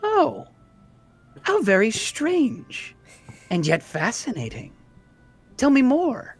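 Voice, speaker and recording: A man voicing a chipper, courteous gentleman stranger with a sing-songy manner in a tabletop game. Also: very high-pitched, huge pitch swings, takes it slowly, slightly rough, soft background music, voice pushed up, full character voice. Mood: curious.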